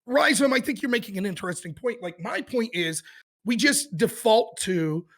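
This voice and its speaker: A man's voice: high-pitched, animated, moderate pace, fairly bright tone. A man arguing his point loosely in a casual online debate, with some swearing. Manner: loose, profane, argumentative. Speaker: debate participant.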